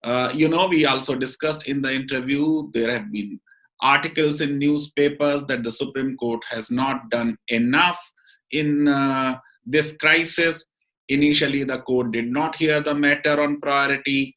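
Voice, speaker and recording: A man's voice: medium pitch, steady tone, a bit bright, poor audio. Deferential Indian man hosting. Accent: Indian English. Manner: deferential, frequent "uh" fillers, measured. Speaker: interview host. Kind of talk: interview wrap-up and commentary.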